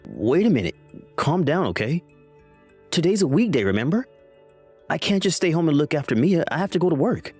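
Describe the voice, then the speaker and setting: Guy reading a shifty husband making excuses to his mom, text story, lively pitch. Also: brisk, long pauses, husky. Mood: evasive. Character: lying jobless husband, defensive with his mother. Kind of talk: scripted text-message reading. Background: faint background music.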